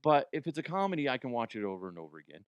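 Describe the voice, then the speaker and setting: A man's voice: medium pitch, big pitch swings, rapid-fire, clean tone, no echo, muffled recording. A man hosting a comedy news show, rambling in a jokey, self-interrupting way. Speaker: podcast host. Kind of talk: casual comedic commentary.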